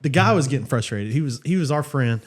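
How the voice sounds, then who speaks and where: A man's voice: medium pitch, expressive, fast. A man, a church youth leader, telling a story casually and animatedly, with frequent fillers and laughter.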